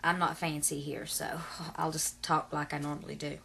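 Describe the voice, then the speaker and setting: Low, gravelly woman vlogging. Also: level tone, moderate pace, a bit bright. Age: 30s. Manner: rambling, long-winded, many fillers and asides. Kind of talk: casual vlog talk to camera.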